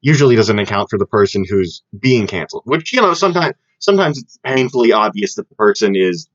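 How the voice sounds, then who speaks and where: A man's voice: fairly low pitch, expressive, no echo. A young man from the States, co-hosting a podcast in casual, rambling, jokey chat. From Southern United States. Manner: rambling, jokey, quick to laugh. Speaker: podcast co-host. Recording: dry, dull lo-fi audio.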